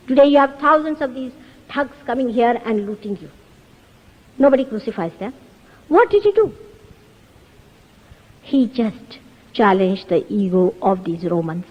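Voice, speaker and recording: A woman's voice: medium pitch, breathy edge, muffled recording. A woman in her fifties giving an earnest spiritual talk to an audience, full of emphatic rhetorical questions. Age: 50s. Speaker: spiritual teacher. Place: lecture hall. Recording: 1970s hall recording with long reverb.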